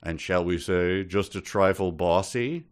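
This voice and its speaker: A teasing, all-knowing disembodied voice, read aloud by a man speaks softly and a little low. It sounds amused and in control. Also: a little slow, smooth. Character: playful omniscient male voice, teasing, bossy.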